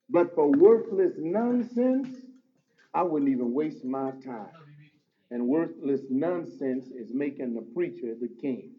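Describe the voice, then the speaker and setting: A man preaching a sermon as pastor, swinging from loud emphatic exclamations to low, intimate asides. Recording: dull lo-fi sound.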